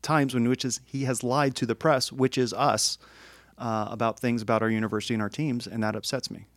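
Talking fairly quickly in a mid-range voice, this male podcast co-host tells a story in a casual chat. He's animated and performs the quotes himself, with no room sound in the recording.

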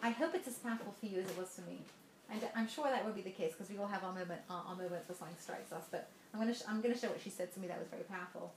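A woman's voice: mid-range voice, racing, roomy sound, background noise. A woman giving a motivational talk to a live audience, telling stories with laughs and direct questions to her listeners. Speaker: motivational speaker.

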